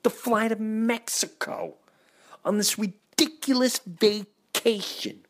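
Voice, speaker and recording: A man and comedian hosting a podcast, telling exasperated, animated comic stories and acting out voices. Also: high-pitched, slow. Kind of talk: comic storytelling.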